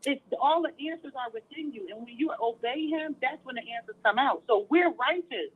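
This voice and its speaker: A woman's voice: high-pitched, expressive, a little fast, breathy edge. A woman calling in who speaks with fervent, preaching-style conviction and quotes scripture. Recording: tinny phone line.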